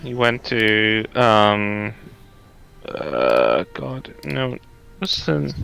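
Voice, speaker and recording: A man chatting casually on a stream, often pausing and searching for words. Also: on the low side, expressive, vocal fry, sharp tone, faint music behind, low-quality recording. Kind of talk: casual chat.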